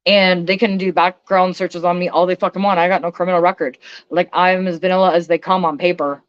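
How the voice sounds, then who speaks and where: A woman's voice: fairly low pitch, steady tone, fairly quick, muffled recording. A woman ranting bluntly on a casual livestream, swearing and speaking emphatically. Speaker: vlogger.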